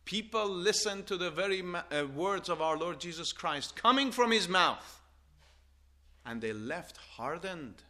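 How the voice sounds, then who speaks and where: An older man preaching a sermon, earnest and halting at times, rising into forceful appeals with repeated questions. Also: sits high, expressive. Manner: halting restarts and stammers.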